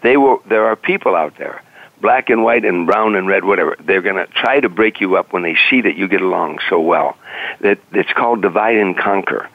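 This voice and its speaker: An older man, a guest comedian on a radio talk show, telling an animated story and acting out the voices of the people in it. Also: low-pitched, brisk, no room sound. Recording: dry, narrow phone-line sound.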